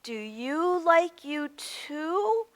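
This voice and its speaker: A woman voicing a kind girl in a storybook who gently encourages her friends. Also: sits high, big pitch swings, no echo, voice pushed up, heavily acted. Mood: encouraging. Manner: warm, coaxing, slow.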